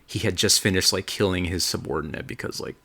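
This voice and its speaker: Podcast co-host, male, deep gravelly voice, enthusiastic rambler. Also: quick pace. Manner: excited, rambling, swears freely. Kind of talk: casual chat recapping a game.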